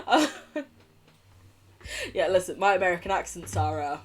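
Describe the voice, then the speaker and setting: A woman's voice: on the low side, animated, moderate pace, long pauses. A woman streamer, reading a dating game aloud, giggling often, swearing and trying out voices for the characters.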